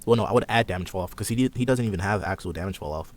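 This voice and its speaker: Low-voiced laid-back young man. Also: very fast. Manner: laid-back, rambling, sarcastic. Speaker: podcast host. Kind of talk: casual gaming chat.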